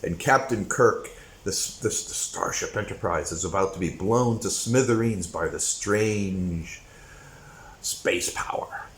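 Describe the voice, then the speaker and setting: A man with a somewhat low voice talks through an opinionated monologue. He rambles, then punches certain points with sudden emphasis. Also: slow pace, a little hiss or hum, low-quality recording. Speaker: commentary channel host.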